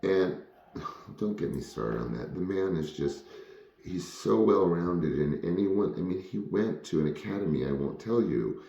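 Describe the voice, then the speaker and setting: Man, very low dark voice, casual rambling storyteller, frank and full of fillers. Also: expressive, unhurried, creaky, echoey room, dull audio. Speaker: former child actor telling stories.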